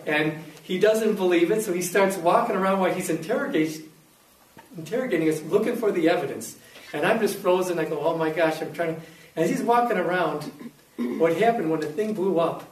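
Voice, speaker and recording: A high-voiced man tells a personal story with animated acted-out quotes. He sounds a little distant from the mic, in a room with a noticeable echo. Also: a little fast. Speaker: speaker giving a faith testimony. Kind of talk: storytelling talk.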